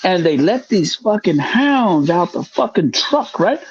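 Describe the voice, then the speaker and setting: Animated profane storyteller, lively pitch. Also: male voice, unhurried, slightly rough, no echo, highs cut off. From grew up in the projects. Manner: animated, profane, acts out voices. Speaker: podcast host. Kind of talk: casual storytelling.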